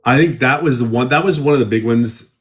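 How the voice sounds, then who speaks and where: A man's voice: medium pitch, brisk. A middle-aged man, a guest in a casual live interview, who rambles and repeats himself as he tells stories.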